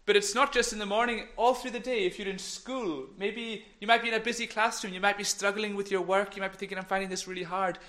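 A man with a high, light voice leads a children's talk in church. He is playful and encouraging, and at times sinks into a hush. He speaks into a microphone. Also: fairly even intonation, fast talker, hardly any pauses. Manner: playful, encouraging, drops to whispers. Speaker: minister giving a children's talk.

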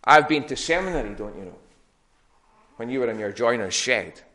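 A smug, pompous male scholar of religious law talks down to his listener, his voice bright and lifted a little higher than normal, as a preacher puts him on in the middle of a sermon. He is boastful and condescending. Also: expressive, normal speed.

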